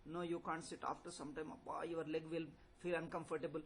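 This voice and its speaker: A man's voice: fairly high pitch, flat delivery, brisk, few pauses, a bit bright, breathy edge, low-quality recording. An older man teaching a spiritual lecture, emphatic and repetitive, asking rhetorical questions. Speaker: Vedanta teacher.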